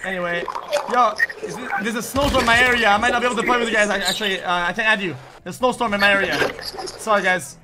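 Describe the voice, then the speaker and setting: High-voiced guy rattling off fast, mock-polite apologies, lots of mic hiss. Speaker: streamer. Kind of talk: live-stream gaming chat. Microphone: game controller mic.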